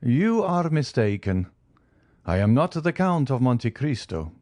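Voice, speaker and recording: A man voicing a stern male count, speaking slowly, solemnly and deliberately. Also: medium pitch, very animated, dark tone, no room sound, studio quality, voice pushed up. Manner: slow, solemn and measured.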